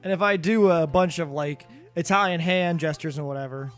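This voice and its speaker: A man's voice: fairly high pitch, moderate pace, faint music behind. A man live-streaming a video game, chatting casually with viewers in a rambling, self-deprecating way. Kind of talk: casual live-stream chat while gaming.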